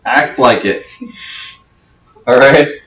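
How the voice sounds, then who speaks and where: A man's voice: mid-range voice, very slow, a bit bright. A man as youth pastor giving a conversational talk to teens, often checking in with "okay?". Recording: echoey room, from a distance.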